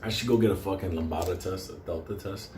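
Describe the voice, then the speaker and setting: A man's voice: low-pitched, fast, a little mellow, slight background noise. A man telling a casual, profane anecdote, digressive and swearing constantly, often laughing as he talks. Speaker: storyteller. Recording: echoey room with faint ambience.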